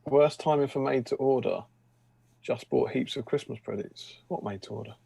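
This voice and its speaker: Gravelly man reading chat aloud. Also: medium pitch, normal speed, dark tone, dry recording. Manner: jokey, reads out chat messages aloud. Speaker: co-host of painting stream. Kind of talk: casual chat reading viewer comments.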